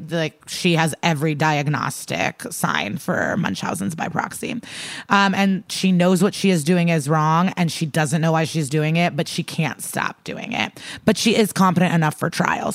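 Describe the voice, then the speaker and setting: A woman's voice: lowish voice, no echo. Chatty, profane woman in a dry recording. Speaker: podcast co-host. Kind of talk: casual TV episode recap.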